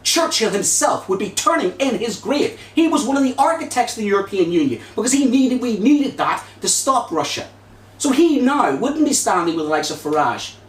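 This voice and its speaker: Northern Irish man, slightly high voice, heated hustings speech in an echoey hall. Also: very animated, normal speed. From Northern Ireland. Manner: forceful, indignant, rhetorical. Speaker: Green Party candidate at a hustings. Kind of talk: impassioned public debate speech. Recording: echoey hall, distant mic, faint noise.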